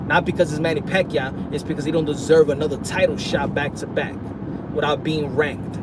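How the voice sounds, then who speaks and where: A man's voice: a little high, brisk. A man from New City, rambling casually to his viewers on a live stream from his car. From New York City. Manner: rambling and animated, talks straight to viewers. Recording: loud car and street noise.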